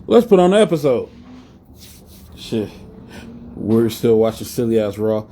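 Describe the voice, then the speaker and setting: Male host, live stream; blunt and cursing, rambling, mellow dark tone, faint hiss. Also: on the low side, very animated, unhurried. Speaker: podcast host. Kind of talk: casual live-stream rant.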